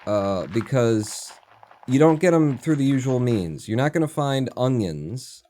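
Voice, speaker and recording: Guy streaming a game, mid pitch, talking to himself, swears now and then, faint hiss behind. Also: lively intonation, unhurried, dark tone. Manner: chatty, muttering to himself, swearing. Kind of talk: casual gameplay commentary.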